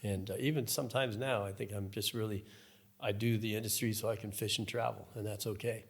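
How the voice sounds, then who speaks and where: A man's voice: fairly low pitch, brisk, gravelly, breathy edge. A man in his fifties, a professional angler, telling stories in a casual podcast conversation and acting out the people in them. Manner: storytelling, animated, acts out voices. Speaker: guest, professional fly fishing angler.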